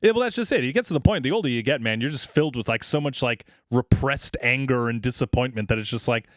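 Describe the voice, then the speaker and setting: This podcast co-host tells long, casual stories that ramble and swear, stuffed with fillers such as "like" and "you know." His mid-range voice is expressive and quick-paced, recorded in clean studio sound with no echo.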